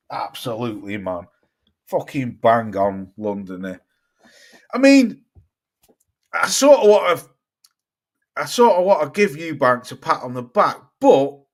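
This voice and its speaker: Blunt sweary British man ranting. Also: mid-range voice. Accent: British English. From United Kingdom. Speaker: boxing live-stream host. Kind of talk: casual live-stream chat reading comments.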